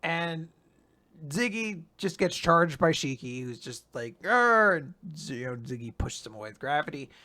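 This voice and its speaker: A man hosting a podcast, recapping comics in casual chat with animated storytelling. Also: mid-range voice, moderate pace. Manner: animated storytelling with silly voices and laughs. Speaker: podcast host.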